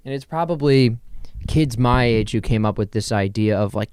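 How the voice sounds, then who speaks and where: A young man hosting a casual solo podcast from his bedroom, rambling and joking with quick asides to himself. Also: medium pitch, darkish tone, clean tone, no echo, studio quality. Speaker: podcast host.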